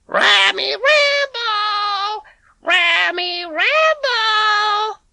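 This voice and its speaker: A man doing a boy's shrill fake old-lady voice. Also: animated, vocal fry, bright, forceful tone, no room sound, heavily acted. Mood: calling the cat. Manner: shrill, drawn-out calls. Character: boy faking an old woman's high voice.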